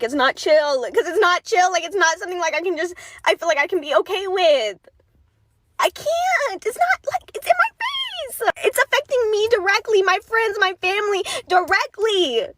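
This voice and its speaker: Tearful very high-pitched woman. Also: very animated, normal speed, fairly bright tone, dry recording. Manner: distraught, pleading, exclamatory. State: crying. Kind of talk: emotional social video rant.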